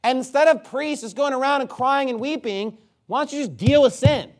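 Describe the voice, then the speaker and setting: A man preaching an expository sermon, animated and mocking, reading scripture aloud and breaking into impressions. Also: very high voice, moderate pace.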